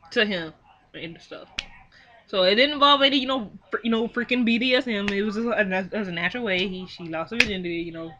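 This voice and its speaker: A young woman giving a casual film recap, animated and exclaiming, acting out the characters' lines in quick quoted bits. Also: a little high, lo-fi sound. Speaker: film reviewer. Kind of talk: casual movie recap and commentary.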